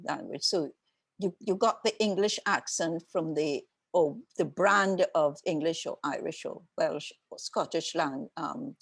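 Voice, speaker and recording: An older woman from Trinidad with a Trinidadian accent, an author talking through her memories and ideas in a reflective, unhurried way during an interview. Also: fairly low pitch, no room sound. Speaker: author guest. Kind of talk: conversational interview.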